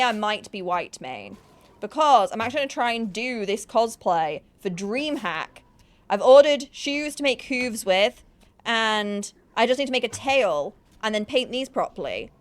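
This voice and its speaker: A young woman chatting casually on a live gaming stream, bubbly and self-mocking. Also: a little high.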